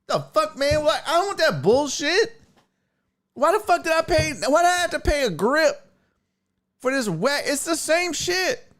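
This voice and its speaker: A man's voice: very high-pitched, unhurried. A man hosting a casual sports talk livestream, ranting and telling stories with lots of cursing and answering viewer chat. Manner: animated, profane storytelling rants. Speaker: sports talk show host.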